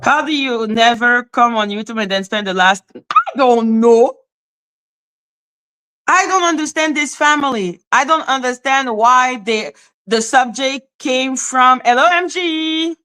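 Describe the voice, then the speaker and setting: A woman hosting a casual live stream, bluntly scolding her chat with profanity and sudden swings between high exclaims and low asides. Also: normal speed, sharp tone, clear, resonant tone. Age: adult, former high school teacher.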